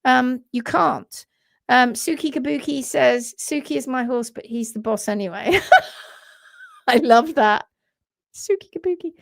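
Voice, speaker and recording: A woman co-hosts a live podcast with fervent conviction. Her slightly high voice carries a gravelly texture. The sound is close and dry with no room around it. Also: a little slow, no echo. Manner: passionate, reads viewer comments aloud. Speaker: podcast co-host. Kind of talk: casual live podcast chat.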